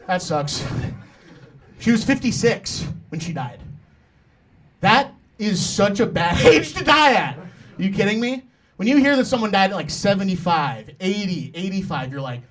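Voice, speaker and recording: A man in his twenties doing a stand-up set on a comedy club stage, talking conversationally with deadpan asides and sudden loud, laughing outbursts. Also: sits high, normal speed, pauses often. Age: 20s. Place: comedy club stage before a live audience.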